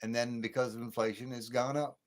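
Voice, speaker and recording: A man in his late fifties hosts a late-night livestream, ranting and rambling with lots of repeats and restarts. His voice sits at a medium pitch with a level tone, and he talks briskly.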